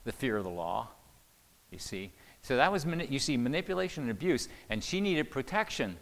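A man's voice: mid-range voice, sing-song, a little fast, a bit bright. An older man giving a conversational church teaching on marriage, often repeating words and asking the audience questions. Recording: long hall reverb.

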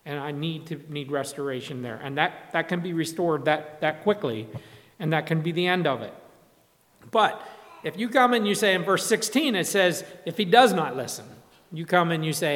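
A man's voice: a little high, expressive, normal speed, a bit bright. A man preaching a sermon in a conversational way, often restarting and acting out quotes. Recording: long hall reverb.

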